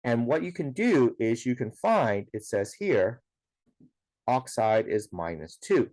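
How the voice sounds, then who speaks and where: A man's voice: medium pitch, big pitch swings, slow pace, darkish tone, no room sound. A man teaching a science lesson, explaining step by step in a patient way, with a lot of "okay" and "now". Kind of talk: recorded classroom lesson.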